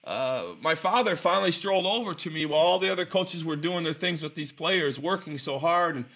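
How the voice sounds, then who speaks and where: A man's voice: fairly high pitch, fairly quick, fairly bright tone. Emphatic man giving an inspirational speech. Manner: emphatic, draws out key phrases, frequent restarts. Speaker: motivational speaker.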